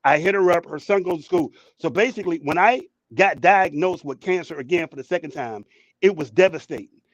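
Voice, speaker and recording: A man co-hosting a talk show, telling a story with excitement and repeating his words. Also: on the high side, fairly quick, no room sound, lo-fi sound. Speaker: co-host. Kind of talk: casual talk show chat. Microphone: headphones, studio mic.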